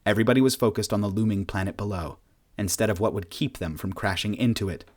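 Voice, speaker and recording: A man with a low voice reads a story aloud in a steady, plain manner. His narration is calm and even as he carries the action forward between lines of dialogue. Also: quick pace. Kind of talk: audiobook narration.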